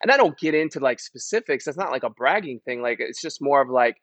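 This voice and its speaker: A man, a podcast guest, talking earnestly and haltingly about his work. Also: mid-range voice, expressive, fairly bright tone, dry recording. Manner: earnest, halting, with many restarts. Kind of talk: casual podcast chat.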